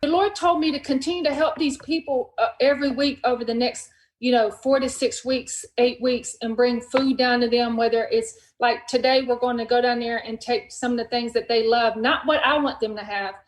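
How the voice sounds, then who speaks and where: A woman's voice: a little high, normal speed, roomy sound, low-quality recording. A woman hosting a podcast, telling a story in casual conversation and acting out the dialogue as she goes. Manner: animated retelling, acts out dialogue in quotes. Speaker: podcast host.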